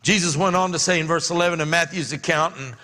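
A man's voice: a little high, fairly even intonation, quick pace, sharp tone. A middle-aged man preaching a sermon as pastor, telling folksy stories and laughing often. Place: church sanctuary. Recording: long hall reverb.

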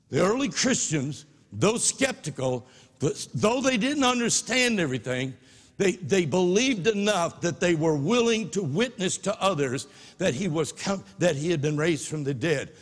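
A man preaching a sermon, impassioned, swinging from soft asides to shouts. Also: sits high, expressive, normal speed. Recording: long reverb of a large hall.

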